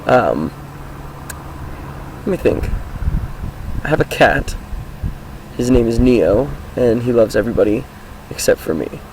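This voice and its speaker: A teenage boy talking casually outdoors about his life, with a groggy, hoarse voice and a rambling, upbeat manner. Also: medium pitch, expressive, measured pace, long pauses, darkish tone, slight background noise, low-quality recording. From Washington State, US. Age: teens. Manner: rambling, upbeat, many fillers. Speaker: high school student vlogger. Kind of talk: casual self-introduction vlog. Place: outdoors, sitting on his car.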